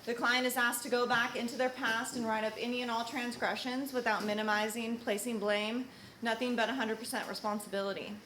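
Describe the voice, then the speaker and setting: A woman's voice: a little high, level tone, a little fast, a bit bright. Upbeat woman hosting in an echoey room. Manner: upbeat, rallies the audience. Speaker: ceremony host at a treatment center. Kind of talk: announcing a graduation ceremony. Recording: echoey room with background noise.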